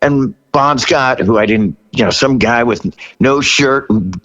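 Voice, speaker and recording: A man in his sixties, a rock singer guest, telling stories in an interview with animated energy, laughing and acting out what people said. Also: mid-range voice, a little slow, dull audio. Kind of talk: storytelling interview.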